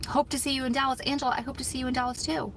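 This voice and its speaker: A woman's voice: high-pitched, level tone, racing, slight background noise, rough recording. A woman hosting a casual live stream from a parked car, chatting and reacting to viewer comments on her phone. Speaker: livestream host reading viewer comments. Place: parked car in a store parking lot.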